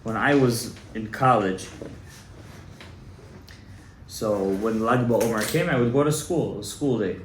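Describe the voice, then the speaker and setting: A man giving a Torah class to a small audience, emphatic and exhorting, often rising to loud, fervent urging. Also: fairly low pitch, measured pace, long pauses. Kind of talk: animated Torah lecture to a live audience. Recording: echoey room, faint room noise.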